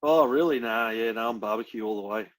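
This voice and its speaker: A man's voice: on the low side, quick pace, rough recording. A young Australian man co-hosting a podcast, chatting casually, bluntly and enthusiastically, with some swearing. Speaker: podcast co-host. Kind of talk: casual chat.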